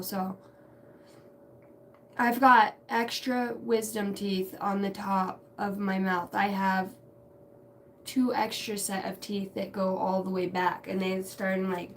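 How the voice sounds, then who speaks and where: A mid-range voice belongs to this intuitive reader, a woman hosting a tarot livestream who drifts reflectively between ideas, chatting casually and cursing now and then. Her distance from the microphone is noticeable, with a faint background hum underneath.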